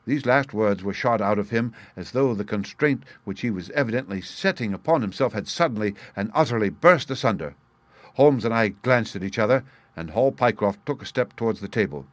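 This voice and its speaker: A man reading a classic detective story aloud as narrator, in a measured, even manner. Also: on the low side, no echo. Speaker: audiobook narrator. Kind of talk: scripted narration.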